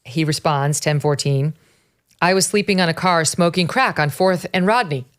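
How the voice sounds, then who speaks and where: Woman, deep low voice, middle-aged talk show host, reads messages aloud, sharp incredulous asides. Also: moderate pace. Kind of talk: talk show commentary, reading texts aloud.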